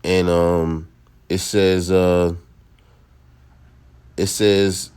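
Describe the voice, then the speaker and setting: A man with a very low voice teaches from scripture. He reads verses out slowly and then preaches on them, checking in with his listeners again and again. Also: a little mellow. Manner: preachy, repeats "all right?". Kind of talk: scripture lesson.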